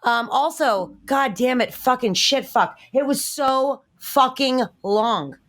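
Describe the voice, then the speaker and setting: A woman's voice: high-pitched, lively intonation, takes it slowly, fairly bright tone. A woman, a guest on a casual panel podcast, ranting profanely with lots of fillers and restarts.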